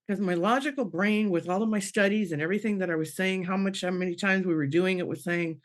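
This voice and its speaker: Speaking a little fast in a lowish voice, a middle-aged woman who works as a medium shares an emotional personal story on a panel podcast. She keeps restarting sentences, acts out quoted voices, and laughs through tears.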